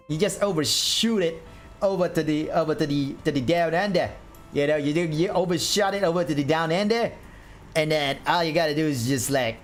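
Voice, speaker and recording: A man's voice: fairly high pitch, natural voice. A man putting on a playful, exaggerated Australian bloke impression while drawing on stream. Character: jokey mock-Australian bloke, adult man.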